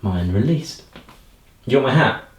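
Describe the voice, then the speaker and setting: A man, a hypnotist giving playful suggestions and slow countdowns. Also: medium pitch, expressive. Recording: roomy echo.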